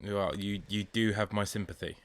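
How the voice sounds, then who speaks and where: A man's voice: on the low side, steady tone, fairly quick. A man co-hosting a podcast, teasing his friend in casual banter. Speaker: podcast co-host. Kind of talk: casual chat.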